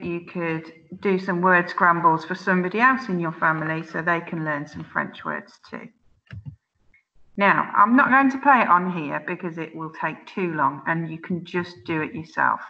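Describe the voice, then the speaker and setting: A woman teaching children an online French lesson, saying words slowly and clearly for them to repeat, chatty and laughing at her own slips. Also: deep voice, pushed and bright, muffled recording. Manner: slow, clear drilling of words for repetition; chatty and self-mocking, exclaims at slips. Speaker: primary school teacher.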